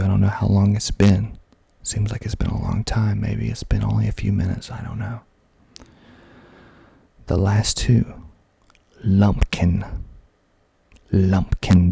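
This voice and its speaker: A man, hosting a soft-spoken ASMR video, speaking slowly and deliberately into a close mic with a pop filter, with wry asides. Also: sits low, vocal fry, husky, dry recording. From Georgia, USA. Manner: slow, deliberate, half-whispered delivery with wry asides. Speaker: ASMR channel host.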